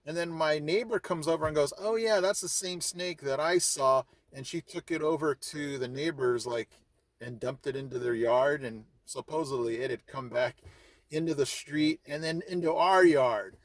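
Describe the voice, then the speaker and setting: Middle-aged guy vlogging, kinda high voice, acts out his reactions, dry close sound. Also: normal speed, dry recording. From California. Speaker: vlog host. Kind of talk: casual storytelling to camera.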